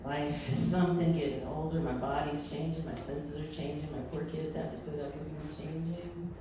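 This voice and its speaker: Stand-up woman in her 40s, brash and lively, voice bouncing around a big echoey theatre, noisy room. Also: low voice, normal speed, far from the mic. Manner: brash, lively, laughs at her own jokes. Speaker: stand-up comic. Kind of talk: stand-up comedy set. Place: theatre stage. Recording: echoey hall recorded from afar, audience sounds.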